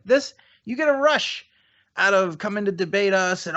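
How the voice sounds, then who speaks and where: A podcast host with a high, expressive voice talks at a normal speed, his tone bright and forceful as he needles and mocks his guest in a heated debate. He often restarts his sentences. The lo-fi podcast audio sounds dull.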